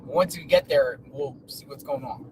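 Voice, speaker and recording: A man's voice: on the high side, moderate pace. Man chatting over car road noise. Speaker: livestream co-host. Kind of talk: casual chat while driving. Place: inside a moving car.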